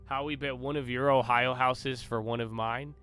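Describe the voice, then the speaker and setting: Faint music sits behind a young man running a live trading stream, where he chats casually, swears and brags to his chat with loose cockiness. The mid-range voice stays fairly even in intonation, smooth and fairly bright, at a normal speed.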